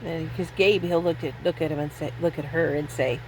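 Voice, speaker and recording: A woman's voice: low-pitched, fairly even intonation, brisk, few pauses, a little mellow, slight background noise, rough recording. A woman in her fifties telling rambling personal stories in a casual vlog, self-deprecating and laughing often. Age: 50s. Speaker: vlogger.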